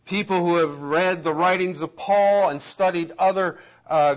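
Pastor guy preaching in a church, kinda high voice, takes it slow, goes loud then real quiet. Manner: dynamic preaching, swinging from loud emphatic peaks to hushed asides. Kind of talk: sermon.

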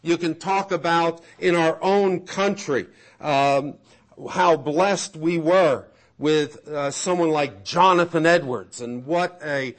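A man preaching a sermon, swinging from loud emphatic peaks to hushed asides. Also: fairly high pitch, takes it slowly. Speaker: pastor.

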